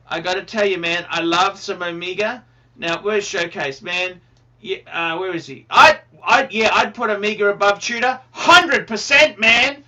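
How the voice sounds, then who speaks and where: A man hosting a livestream in a casual, rambling, excitable way, repeating himself and swearing now and then. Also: high voice, moderate pace. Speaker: livestream host.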